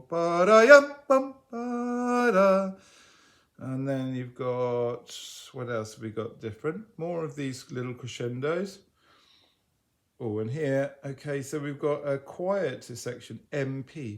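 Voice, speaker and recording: A man teaching a violin lesson in a relaxed, explanatory way, often singing phrases of the tune on nonsense syllables. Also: mid-range voice. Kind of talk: instructional lesson video.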